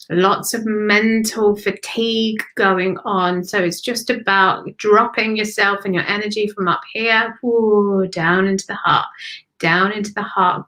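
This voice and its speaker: A woman gives intuitive card readings to viewers in a calm, unhurried voice. She repeats phrases softly and often sinks into near-whispers. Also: medium pitch, low-quality recording. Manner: soothing, slow, repeats phrases, drops to whispers. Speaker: spiritual reader giving card readings. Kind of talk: live-stream intuitive reading.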